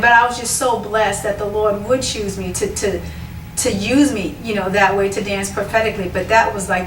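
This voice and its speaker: Animated woman sharing a testimony, echoey room. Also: mid-range voice, noisy background. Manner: animated storytelling with excited quoted outbursts. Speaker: dance minister sharing a testimony. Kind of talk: personal testimony to camera. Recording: echoey room from far off with faint ambience.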